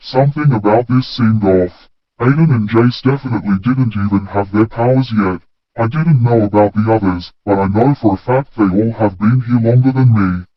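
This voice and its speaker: A man reading a first-person story in a plain, steady way. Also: fairly low pitch, normal speed, no echo. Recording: dull, dry lo-fi recording.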